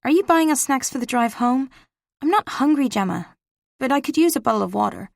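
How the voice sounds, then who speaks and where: An anxious young woman friend in an audiobook, pitched up and edgy, a bit gravelly underneath, with a dry, close sound. A woman narrator puts her on. She keeps asking questions, baffled and uneasy. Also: lively intonation, brisk, no echo. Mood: puzzled. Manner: questioning, higher and brighter.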